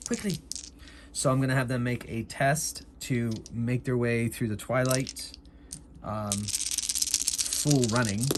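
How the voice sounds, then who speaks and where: A man's voice: lowish voice, background noise. A man narrating a solo tabletop game, thinking aloud and explaining his rules casually. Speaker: game master and solo player.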